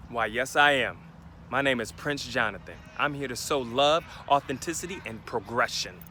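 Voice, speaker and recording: Outdoors, a man gives an emphatic, preachy motivational talk, addressing his listeners directly. His voice is high-pitched and sharp, with slight background noise.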